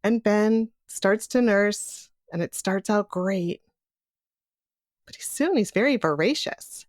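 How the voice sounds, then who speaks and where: A woman's voice: medium pitch, takes it slowly, no room sound, studio quality. A middle-aged woman telling a personal story in present tense, acting out the voices of others. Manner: vivid, animated retelling in present tense, acting out quoted voices.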